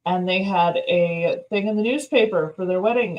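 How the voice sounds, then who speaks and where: A woman's voice: lowish voice, moderate pace, muffled recording. Chatty woman telling stories. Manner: storytelling, amused, chatty. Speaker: co-host. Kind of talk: casual chat.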